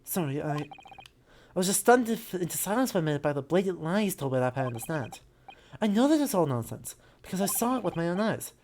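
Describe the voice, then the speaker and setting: A woman voicing an earnest, slightly flustered young male defense lawyer who speaks haltingly. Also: fairly low pitch, big pitch swings, a little mellow, a little hiss or hum.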